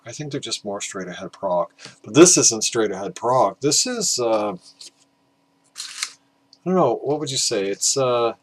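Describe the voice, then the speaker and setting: A man's voice: mid-range voice, poor audio. A man talking casually about vinyl records in a rambling, hesitant way, with plenty of fillers and the odd swear word. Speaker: record collector vlogger.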